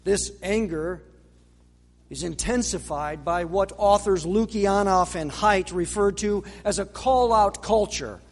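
A man preaching a sermon in a measured way, with dramatic pauses and rhetorical questions. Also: high-pitched. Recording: long reverb of a large hall.

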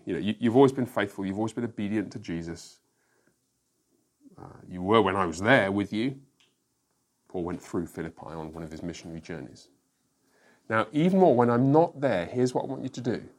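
A man's voice: lowish voice, a little mellow. A man who is a pastor, teaching a school Bible class in a classroom, explaining emphatically and asking rhetorical questions. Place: classroom with a whiteboard.

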